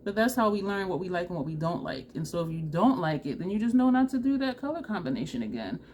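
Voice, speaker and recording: A woman vlogger chatting excitedly and laughing often as she talks viewers through a makeup tutorial. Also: on the low side, quick pace, a little hiss or hum. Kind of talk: casual makeup tutorial chat.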